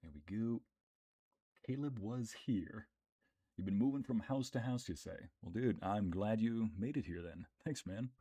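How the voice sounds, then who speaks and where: Husky-voiced man streaming a game. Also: on the low side, unhurried, mellow, dry recording. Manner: chatty, greets viewers by name, thinks aloud. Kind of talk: casual let's-play commentary.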